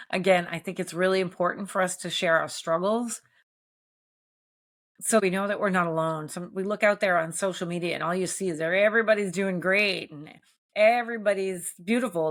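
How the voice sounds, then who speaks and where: A woman hosting a solo podcast, talking candidly and gently encouraging listeners, with frequent restarts and soft laughs. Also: fairly low pitch. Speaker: podcast host. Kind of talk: solo reflective podcast talk.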